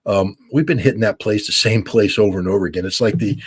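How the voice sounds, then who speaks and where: Talking fast in a husky, lowish voice, a military analyst from the United States gives an interview in blunt, forceful terms. He hammers his points home by repeating them.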